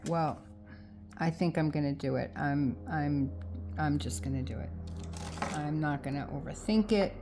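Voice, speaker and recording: Against a noisy background, a low-voiced middle-aged woman films herself crafting. Her casual musing meanders and dithers until she persuades herself of what to do.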